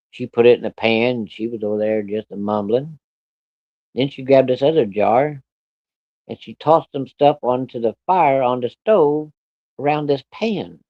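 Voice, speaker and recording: With a mid-range voice, a man vividly retells something that happened to him, speaking casually and plainly and swearing a lot. The audio has no echo but sounds lo-fi.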